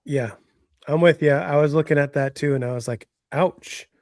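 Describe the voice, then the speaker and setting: A man co-hosting a live hobby stream, chatting casually and often trailing off quietly. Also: on the high side, fairly quick, no echo, clean studio sound. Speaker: co-host of a hobby talk stream. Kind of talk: casual chat.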